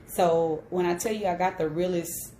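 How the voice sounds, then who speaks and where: A woman's voice: fairly low pitch, steady tone, normal speed, dark tone, slight background noise. Candid woman telling her story in an echoey room. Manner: candid and emphatic, with frequent "right?" tag questions. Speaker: host. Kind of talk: personal storytelling on a live stream.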